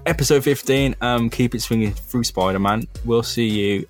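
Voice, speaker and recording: A young man co-hosting a podcast in casual, excitable chat full of jokes and swearing. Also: medium pitch, moderate pace, faint music behind. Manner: excitable, joking, heavy swearing. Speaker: podcast co-host.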